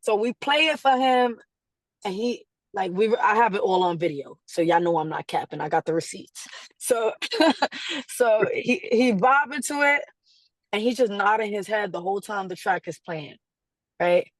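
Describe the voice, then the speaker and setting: A woman being interviewed, telling a story in a casual, animated way, acting out quotes and laughing often. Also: mid-range voice, moderate pace, dry recording. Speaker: guest artist.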